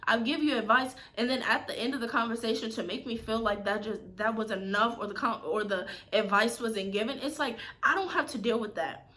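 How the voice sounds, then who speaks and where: A young woman with a bright, fairly high voice vents straight to the camera in a casual, slangy way. She sounds hurt and fed up, close to tears, and keeps circling back and repeating her points with emphasis. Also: a little fast. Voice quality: casual slangy speech with swearing. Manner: upset, emphatic, repeats herself, on the edge of tears. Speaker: vlogger. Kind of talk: emotional venting to camera.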